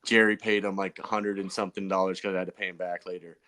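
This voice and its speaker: A man's voice: sits low, little pitch movement, fast talker, bright, forceful tone. A man, a pro BMX racer guest on a podcast, telling stories in a loose, rambling way full of fillers and restarts. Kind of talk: casual podcast storytelling.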